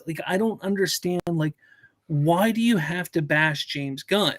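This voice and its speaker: A man hosting a casual live-stream chat, talking in an animated, rambling way and often repeating his words. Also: high voice, a little slow, no room sound. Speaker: host.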